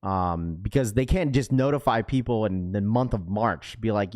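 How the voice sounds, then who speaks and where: A man's voice: animated, a little fast, few pauses. Slangy young man bantering with chat. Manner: reads viewer comments aloud and banters with chat, slangy; gets loud and high when worked up. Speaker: livestream host. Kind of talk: casual live-stream chat.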